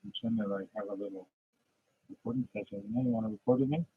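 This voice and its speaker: A man practicing a podcast monologue, ranting passionately like a preacher and then dropping to low muttering, recorded at home. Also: quick pace, phone-quality sound, a little hiss or hum. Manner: impassioned preachy rant, swings from loud to low muttering. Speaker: aspiring podcaster.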